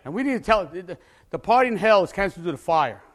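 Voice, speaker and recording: A male pastor passionately preaches a testimony, often bursting into shouts and repeating words as he begins a phrase. His voice sits high, with lively intonation and a quick pace.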